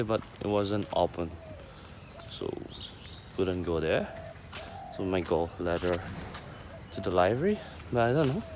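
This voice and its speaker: A young man talking to his vlog camera while walking across an open campus ground, in short, halting, earnest phrases. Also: low voice, noisy background. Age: young adult. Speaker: vlogger. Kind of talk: casual vlog chat. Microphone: handheld camera while walking. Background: outdoor ambience with birds.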